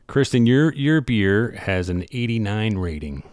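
A man's voice: fairly low pitch, sing-song, a little slow, a little mellow, clean tone, no echo, studio quality. A man co-hosting a casual chat, teasing and playful.

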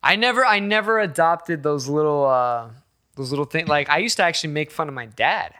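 Casual male co-host, higher pitch, bright tone, teasing and profane. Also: lively intonation, fairly quick. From western United States. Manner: swearing, joking, teasing. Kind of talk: casual chat.

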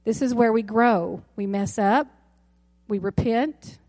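A woman's voice: fairly high pitch, takes it slowly, darkish tone, dry recording. A woman pastor in her thirties preaching a sermon to her congregation in a church, talking in a conversational way with asides and self-corrections. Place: church sanctuary.

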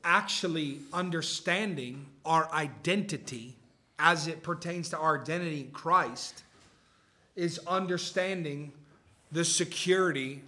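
Male pastor, slightly high and forceful voice, conversational sermon to a live church. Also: measured pace. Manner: conversational, keeps checking in with the room. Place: church service before a live congregation.

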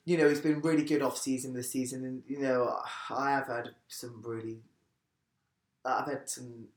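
A woman's voice: rumbling low, fairly even intonation, normal speed, darkish tone. A woman guesting on a podcast, chatting candidly and rambling with frequent restarts. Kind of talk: casual chat. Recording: echoey room.

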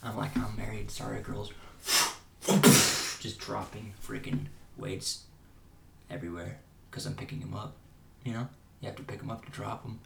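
A man's voice: fairly low pitch, fairly even intonation, moderate pace, gravelly. A young man co-hosting a podcast, telling a rambling daydream story in a laughing, casual way. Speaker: podcast co-host. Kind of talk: casual chat. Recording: roomy with faint noise.

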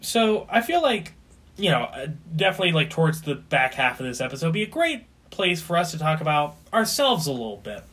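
A man's voice: fairly high pitch, very animated, fairly quick, fairly bright tone. A man co-hosting a podcast, joking, teasing and swearing casually. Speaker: podcast co-host. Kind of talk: casual chat.

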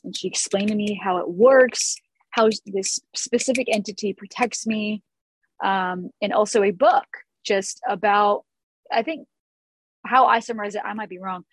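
A woman hosting a casual chat, relaxed and talkative, with a bit of casual swearing. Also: medium pitch, moderate pace, slightly rough, no echo, rough recording. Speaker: host, hair stylist.

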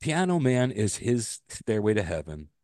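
A man co-hosting a casual podcast chat, telling stories with animation, his voice jumping high when he gets exasperated, and swearing freely. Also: sing-song, a little slow, a little mellow, no echo, clean studio sound. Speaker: podcast co-host.

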